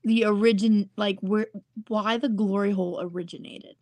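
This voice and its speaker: A woman's voice: mid-range voice, steady tone, moderate pace, a little mellow, no room sound. A woman co-hosting a podcast, chatting casually and laughing often. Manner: giggly, reacts with frequent laughs. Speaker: podcast co-host. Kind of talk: casual chat.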